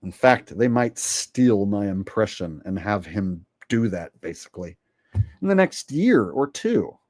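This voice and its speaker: A man's voice: on the low side, sing-song, a little slow, darkish tone, dry recording, studio quality. A man hosting a commentary vlog and reading viewer donations, with a rambling, sarcastic and profane way of talking.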